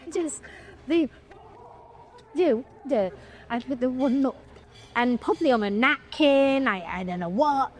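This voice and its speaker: Brief: middle-aged woman, animated interview guest, bright higher voice, restarts often. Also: measured pace, pauses often. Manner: animated storyteller, acts out quotes, frequent restarts. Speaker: guest film producer. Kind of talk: casual interview storytelling.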